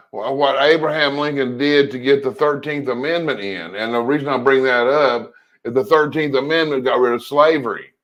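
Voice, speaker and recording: A man co-hosting a casual political chat, telling long rambling stories with animated asides. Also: medium pitch. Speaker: co-host.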